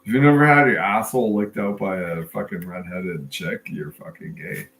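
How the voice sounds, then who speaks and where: A man in a crude casual chat, telling a slow, halting story full of fillers and restarts. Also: lowish voice, fairly bright tone. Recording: echoey room with faint noise.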